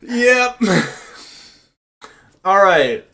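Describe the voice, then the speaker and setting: A man's voice: high-pitched, big pitch swings, extremely slow, gravelly, bright, forceful tone. A man hosting a casual podcast chat, joking and laughing often. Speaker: podcast host.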